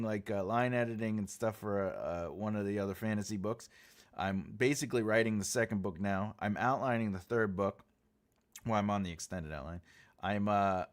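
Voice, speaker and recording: A man who is an author and writing coach, talking casually and rambling with many fillers as he addresses viewers in a livestream writing tutorial. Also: lowish voice. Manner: rambling, filler-heavy, talks directly to viewers.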